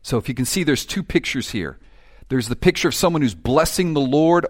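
A middle-aged man preaching with animated energy, dropping to near-whispers and then rising into loud, urgent outbursts. He acts out the voices of people praying and complaining. His pitch sits at an ordinary middle range for a man. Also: brisk. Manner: animated preaching, dramatic swings from hushed to loud; acts out quoted prayers and complaints. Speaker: pastor. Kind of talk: sermon.

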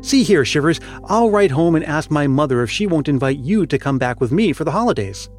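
A man's voice: a little high, animated, fairly quick, darkish tone, faint music behind, lightly acted. A man voicing an eager, boastful but kind schoolboy in a storybook reading, lifting his voice as the boy. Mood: confident.

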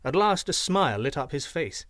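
A man reading a children's fairy tale aloud, expressive and shifting voices for each character. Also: a little high, moderate pace, no echo, studio quality. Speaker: storyteller.

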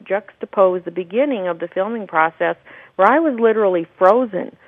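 A woman calls into a radio show as a guest and explains her spiritual practice in an earnest, flowing way, laughing now and then. Her voice comes through a thin, narrow phone line with no room sound, at a middle pitch. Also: fairly quick, no echo. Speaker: guest, documentary producer and spiritual teacher. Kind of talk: radio interview.

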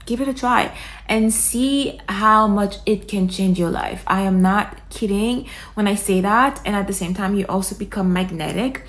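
A young woman hosts a self-help podcast in a loose, chatty monologue. She keeps filling her talk with fillers and asides. Her quoted inner voices jump far up or down in pitch. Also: normal speed. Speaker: podcast host.

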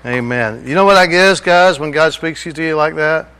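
Man, folksy church host, slightly high voice. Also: normal speed, pushed and bright, smooth, rough recording. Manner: folksy, encouraging. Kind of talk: introducing a speaker at church. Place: church service.

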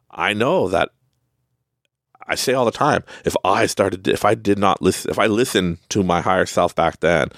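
A man with a Canadian accent hosting a podcast, giving a casual motivational monologue, animated and laughing often. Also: deep voice, gravelly, dry recording, clean studio sound. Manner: animated, laughs often, tags lines with "right?". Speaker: podcast host.

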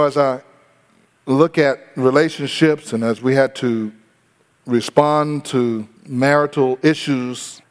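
A male pastor preaching a storytelling sermon, pitched a touch high and often asking his listeners questions. His voice carries with a long reverb through a hall. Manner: storytelling, asks the congregation questions.

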